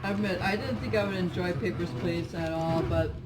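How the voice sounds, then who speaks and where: A man's voice: high-pitched, steady tone, brisk. A man co-hosting a charity game stream, chatting casually and laughing easily. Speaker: stream co-host. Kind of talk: casual live-stream banter.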